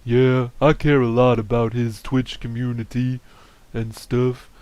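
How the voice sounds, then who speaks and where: Dragon Force, a man doing a deadpan slow dragon. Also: mid-range voice, no room sound, close to an everyday voice. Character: deadpan male dragon foe.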